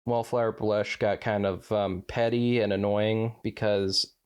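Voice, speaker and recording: A man co-hosting a podcast, reading fan fiction aloud with relaxed chatty asides. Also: on the low side, a little slow, clean tone. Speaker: podcast co-host. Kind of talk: casual chat and read-aloud.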